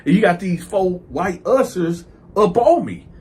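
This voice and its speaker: Husky, high-voiced man telling a story. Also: sing-song, unhurried, darkish tone. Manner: stammering repeats and profane, acted-out quotes. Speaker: YouTube storyteller. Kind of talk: animated storytelling vlog.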